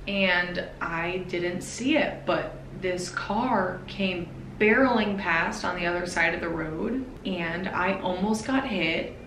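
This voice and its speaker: A woman in her twenties talking to camera in a personal vlog, nervous and emotional, speaking haltingly. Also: fairly low pitch, a bit bright, reverberant, slight background noise, rough recording. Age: 20s. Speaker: vlogger.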